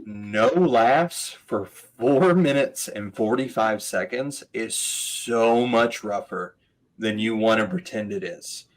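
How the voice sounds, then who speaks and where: A man's voice: lowish voice, rough recording. Man telling a story animatedly. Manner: animated storyteller, quick asides and laughs. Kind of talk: casual podcast chat.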